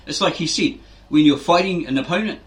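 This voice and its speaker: A man's voice: on the high side, brisk, a bit bright. A man giving a casual, rambling explanation as a fitness channel host, tagging lines with "right?" and acting out quotes. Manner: rambling, keeps asking "right?", acts out quotes.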